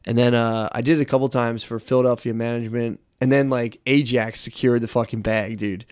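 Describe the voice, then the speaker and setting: A man's voice: mid-range voice, steady tone, brisk, darkish tone, clean tone, no echo. Man, podcast co-host, rambling profane storyteller, mid-range voice, dry close mic. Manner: rambling, profane, laughs often while telling stories.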